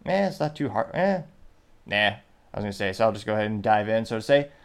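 A man's voice: on the low side, lively intonation, a little fast, vocal fry. Wry man reading news commentary. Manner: wry, offhand, with frequent restarts. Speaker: show host. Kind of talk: casual commentary, reading quotes aloud.

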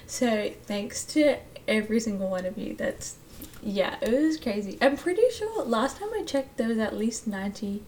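A woman's voice: medium pitch, a little mellow. A young woman hosting a casual solo podcast, chatty and giggly with lots of ums and likes. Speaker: podcast host. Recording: distant mic with faint hum.

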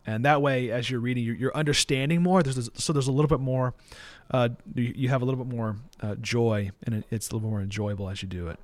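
A man preaching as a pastor, earnest and plain-spoken, reading verses slowly and deliberately. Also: medium pitch, steady tone, dry recording. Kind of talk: sermon teaching.

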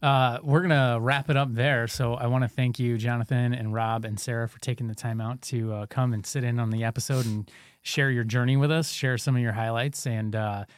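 A friendly, joking man hosting a casual podcast. His voice sits at a middle pitch. The sound is dry and close to the mic. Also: steady tone, brisk, dry recording. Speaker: podcast host. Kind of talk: casual chat.

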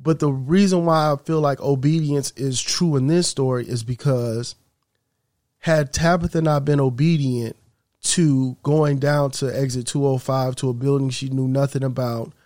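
A man's voice: medium pitch, a little mellow, no room sound, clean studio sound. Earnest man telling a faith story. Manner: earnest and preaching. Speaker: podcast host. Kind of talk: faith-based storytelling and reflection.

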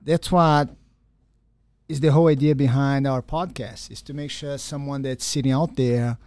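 An earnest male podcast host with a mellow, darker tone, asking questions in a halting way and repeating words. The sound is dry and close, with no echo. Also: medium pitch, steady tone. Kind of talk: interview questions.

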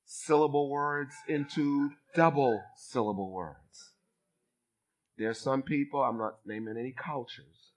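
A man in his fifties from Boston, preaching a sermon as a bishop with lively delivery and call-and-response to his congregation. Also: medium pitch. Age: 50s. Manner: animated preacher, acts out voices, calls for response from the congregation.

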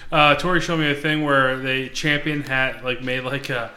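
A man's voice: medium pitch, steady tone, moderate pace, bright, forceful tone. A man co-hosting a podcast, rambling casually with restarts and offhand swearing. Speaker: podcast co-host. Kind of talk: casual chat.

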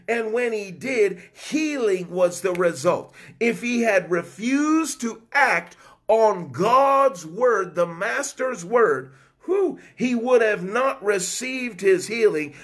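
A man's voice: high voice, a bit bright. A man preaching a fervent Pentecostal sermon, breaking into cries of "whoo" and "come on" and bursts of speaking in tongues.

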